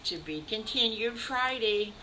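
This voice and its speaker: An older woman telling a made-up story to children, animated and talking straight to the boys and girls. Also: a little high, unhurried, slight background noise, low-quality recording. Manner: warm, animated, addresses children.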